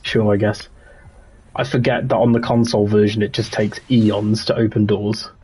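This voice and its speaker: A man's voice: lowish voice, little pitch movement, moderate pace, mellow, a little hiss or hum. A young man, chatting casually and rambling on a livestream while he plays a game, laughing often and restarting his sentences. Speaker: streamer.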